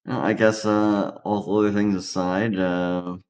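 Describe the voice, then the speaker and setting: A man's voice: lowish voice, level tone, measured pace, a little mellow. A man playing a tabletop game, describing his actions hesitantly with fillers. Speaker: player.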